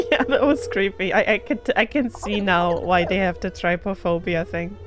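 A woman with a German accent casually chats while streaming a game, laughing and greeting her followers in live gameplay commentary. Her voice is medium-pitched and steady, at a moderate pace.

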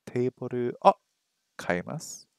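A man's voice: medium pitch, lively intonation, brisk, creaky, no room sound, clean studio sound. A man on a casual study stream, thinking aloud, repeating phrases over and over and joking at his own mistakes. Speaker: streamer learning a language. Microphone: streaming microphone that picks up his voice weakly.

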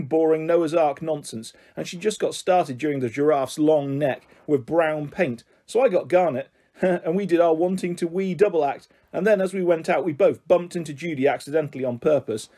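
A man reading a children's novel aloud in a lively, expressive storytelling manner. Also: a little high. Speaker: audiobook reader.

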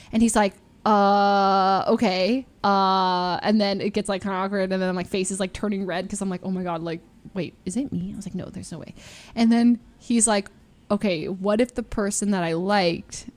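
A young adult woman streamer with a medium-pitched voice tells stories while chatting casually. She's animated, uses lots of fillers, and performs the voices of the people she quotes.

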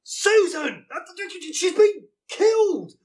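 A man doing a blustering, high-voiced bumbling inspector. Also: sing-song, unhurried, exaggerated voice. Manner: blustering, stammering, chuckling at himself. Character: pompous, bumbling male police inspector. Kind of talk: live comedy sketch reading.

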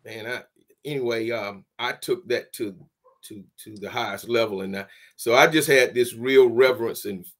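A man, a former football player telling a lively story in an interview, with folksy phrasing and laughs. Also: medium pitch, normal speed. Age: 60s.

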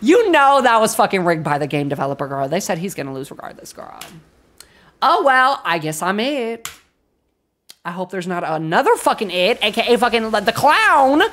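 A young woman streaming a horror game, chatting with sassy, profane slang and reading the game's lines aloud, going from low mumbles to sudden shrieks. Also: big pitch swings, normal speed, fairly bright tone. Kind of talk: casual live-stream commentary, reading game dialogue aloud.

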